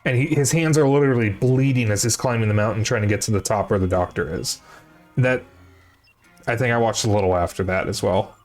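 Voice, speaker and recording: A young man with a fairly low voice and a fairly quick pace chats casually to his live stream viewers. He rambles, corrects himself as he goes and swears now and then, with faint music behind his voice.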